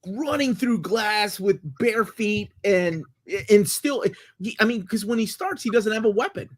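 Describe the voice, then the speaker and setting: An enthusiastic man in his forties co-hosts a casual film chat, tripping over his words as he gets excited. His voice sits somewhat high for a man. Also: measured pace. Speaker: podcast co-host. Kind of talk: casual movie review chat.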